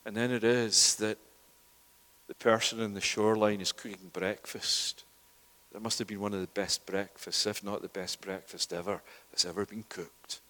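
A man preaching a sermon, swinging from loud, urgent outbursts to hushed near-whispers. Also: lowish voice, fairly even intonation, moderate pace. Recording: long hall reverb.

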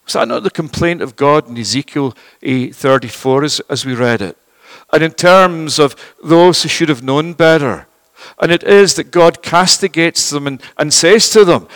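A man delivers a sermon with earnest emphasis, pressing his listeners with question after question. His voice sits a little high for a man, and he often circles back and restarts phrases as he goes. The sound is dry, with no room echo around it. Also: expressive, measured pace, a bit bright. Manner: repeats phrases and restarts mid-sentence. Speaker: preacher.

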